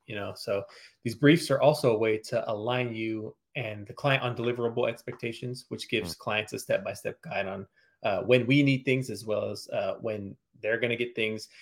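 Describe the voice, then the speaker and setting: Designer guest, fairly low male voice, steady explainer, plays out client talk. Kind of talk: casual interview answers.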